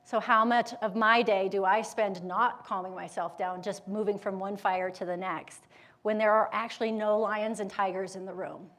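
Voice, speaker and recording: A woman giving a live motivational talk to an audience, lively and conversational, asking the room questions and briefly acting out inner voices. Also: medium pitch. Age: adult with school-age children. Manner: animated, acts out inner voices with quick quotes. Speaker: motivational speaker and yoga educator.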